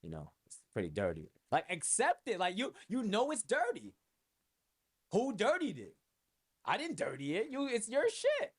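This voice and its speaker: A man's voice: extremely high pitch, wildly swooping pitch, measured pace, husky. A man from New York with a New York accent, hosting his own podcast in a loose, rambling, profane way with lots of fillers. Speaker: podcast host and music producer. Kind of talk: casual solo podcast talk.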